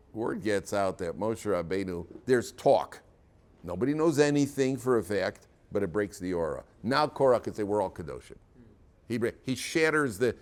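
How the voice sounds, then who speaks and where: Low-voiced rabbi teaching a lively class. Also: male voice. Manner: lively storytelling, acts out characters. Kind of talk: Torah class lecture.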